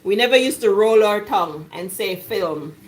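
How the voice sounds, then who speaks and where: A middle-aged Jamaican woman chatting through a home cooking video in her kitchen, jokey and quick to laugh. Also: medium pitch, animated, a little hiss or hum. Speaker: cooking vlogger. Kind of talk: casual cooking chat.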